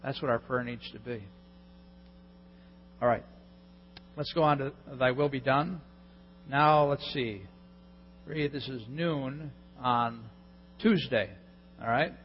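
A male pastor preaching a sermon in an animated way, acting out people's prayers with a mocking edge. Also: medium pitch, takes it slowly, pauses often. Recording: lo-fi recording in a reverberant hall with mains hum.

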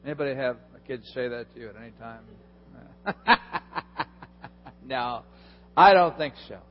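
Slow-talking man preaching. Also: medium pitch, expressive. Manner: conversational, chuckling, asks the audience questions. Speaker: pastor. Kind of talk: sermon. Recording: dull lo-fi in a reverberant hall with hum.

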